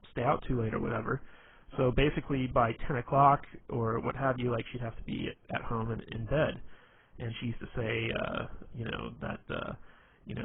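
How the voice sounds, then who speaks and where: A man explaining how to be funny in a casual, rambling way, full of fillers and restarts. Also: medium pitch. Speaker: dating advice presenter. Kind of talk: casual instructional talk. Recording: tinny phone-like audio with faint noise.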